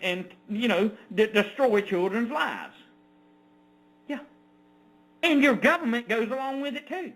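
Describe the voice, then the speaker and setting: An online news commentator rants while reading an article aloud, his indignant, sarcastic outbursts swinging from loud to low. The recording is rough.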